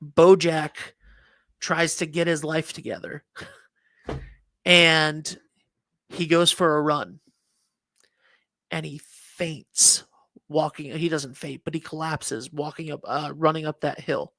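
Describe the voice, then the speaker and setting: Rambling man, slightly high voice. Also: level tone, takes it slowly, pauses often, sharp tone, no room sound. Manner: rambling storyteller, many restarts and fillers. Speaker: co-host. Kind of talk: casual morning show chat.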